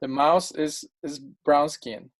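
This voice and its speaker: A man's voice: fairly high pitch, steady tone, takes it slowly. A man speaking as a guest in a casual discussion, telling stories in an impassioned, emphatic way.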